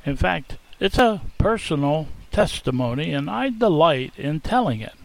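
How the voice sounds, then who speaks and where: A man's voice: on the high side, vocal fry, low-quality recording. A man performing a folksy first-person dramatic monologue, theatrical in manner. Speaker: storyteller in character.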